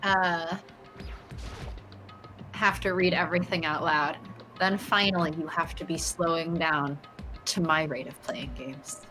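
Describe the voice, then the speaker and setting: A woman's voice: low voice, fairly even intonation, measured pace, pauses often, over music. A woman co-hosting a let's play, casually teasing and heckling her partner. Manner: teasing, sarcastic.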